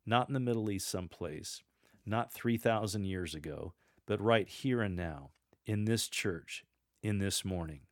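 A man coaching church lectors, explaining how to read a scripture passage aloud and demonstrating the lines himself in a gentle, warm way. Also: on the low side, no echo, studio quality. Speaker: lector trainer. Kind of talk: instructional coaching on scripture reading.

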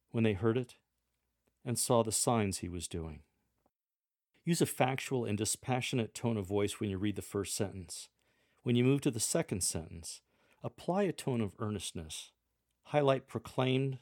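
A man hosting a podcast lesson, coaching scripture readers in a gentle, measured way with the odd dry joke. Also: lowish voice, no echo.

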